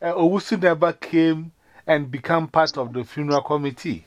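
A man in a casual conversation with a friend, asking questions and quickly taking sides. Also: on the high side, dry recording. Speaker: friend in a phone chat.

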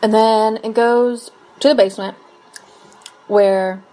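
A woman's voice: a little high, steady tone, slow, mellow, low-quality recording. A woman co-hosting a podcast, recapping a TV episode in casual chat, meandering and laughing often as she loses her place. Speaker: podcast co-host.

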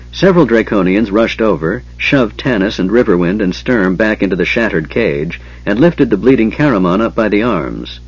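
Male fantasy audiobook narrator, measured, husky, lo-fi sound. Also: lowish voice. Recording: dull lo-fi audiobook recording.

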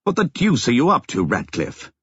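A man's voice: mid-range voice, wildly swooping pitch, normal speed, a bit bright, husky, dry recording, lo-fi sound, voice pushed up, heavily acted. A man voicing a pompous, indignant doctor.

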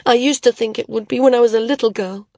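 A woman's voice: a little high, fairly even intonation, fast, a little mellow, no room sound, clean studio sound, pitched above the performer's own voice. A woman voicing Maris, a tearful stubborn young flyer. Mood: pleading. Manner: pleading, near hysterical.

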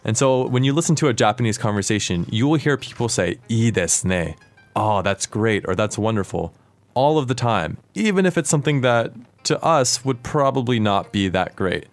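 A man hosting a podcast language lesson, explaining words clearly and asking his co-host questions. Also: mid-range voice, expressive, brisk, no echo, soft background music.

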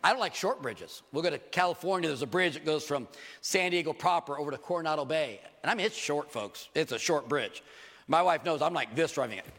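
An older man, a pastor delivering a sermon with animated, joking stories and acted asides. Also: fairly high pitch, fairly quick, long reverb tail.

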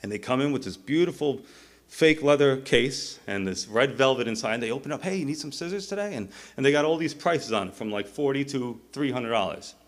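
A man's voice: mid-range voice, fairly quick. A middle-aged male pastor preaching a sermon, telling stories and acting out the characters' voices. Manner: animated storytelling, acting out voices.

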